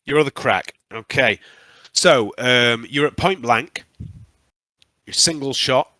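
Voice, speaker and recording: A man running a tabletop game as game master, narrating with frequent um pauses. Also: medium pitch, bright, forceful tone, no room sound.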